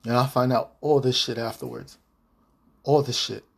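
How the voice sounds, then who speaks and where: A man pours out a heated, profane monologue to an ex on his podcast, circling back over the same points again and again. His voice is gravelly and husky, with a middle pitch. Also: normal speed. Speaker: podcast host. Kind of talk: personal monologue to an ex-partner.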